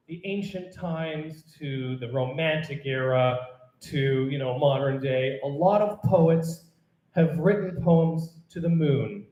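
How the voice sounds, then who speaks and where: A man in his forties from Canada, reading his own comic poems at an open mic with deadpan, self-mocking delivery. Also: a little high, roomy sound, rough recording. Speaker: featured open-mic poet. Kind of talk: live comic poetry reading. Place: live open mic in a brewery loft.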